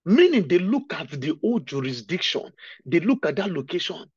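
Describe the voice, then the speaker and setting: Male preacher, emotional sermon, husky voice, lively swinging pitch, dull lo-fi recording. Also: moderate pace, dry recording. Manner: impassioned, repeats phrases and cries out. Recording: dull, dry lo-fi sound.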